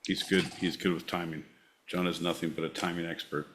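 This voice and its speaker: A man's voice: deep voice, level tone, fairly quick, fairly bright tone, a little hiss or hum, rough recording. A man co-hosting a podcast, hyping up his co-host like a showman in casual banter.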